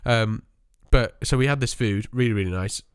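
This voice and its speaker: A man's voice: medium pitch, moderate pace, clear, resonant tone. A young man, rambling through a story in casual podcast chat, swearing and mimicking people. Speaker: podcast co-host.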